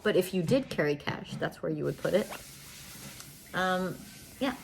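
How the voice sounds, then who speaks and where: A woman chats on a livestream from home, her voice sitting low with a gravelly fry. She rambles easily from one thought to the next and often restarts her sentences. Faint noise sits under the voice. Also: lively intonation, unhurried. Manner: rambling, chatty, many restarts. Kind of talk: casual livestream chat.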